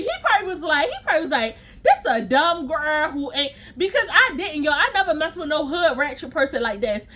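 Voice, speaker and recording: A young adult woman tells a story to her viewers in a high, bright voice. She talks in casual slang and laughs at her own past mistakes. The sound is close and direct. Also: a little fast, hardly any pauses, a little hiss or hum. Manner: animated, slangy, laughs at herself. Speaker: storytime vlogger.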